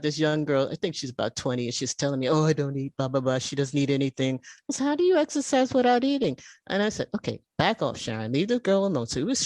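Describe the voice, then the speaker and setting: A woman in her seventies sharing her personal recovery story at a meeting, telling it in an animated, emotional way. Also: sits low, no echo. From United States. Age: 70s. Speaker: meeting speaker. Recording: video call audio.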